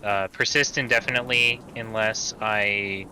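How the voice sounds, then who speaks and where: Man, player, low crisp voice, explains rules, faint background noise. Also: steady tone, normal speed, pushed and bright, rough recording. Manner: explains rules, thinks aloud. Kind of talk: casual tabletop game chat.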